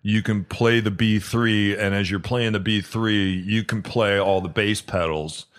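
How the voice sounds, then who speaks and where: A man's voice: on the low side, steady tone, unhurried. Man in his fifties hosting a chat. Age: 50s. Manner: friendly, rambling questions with restarts. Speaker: podcast host. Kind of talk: casual interview chat.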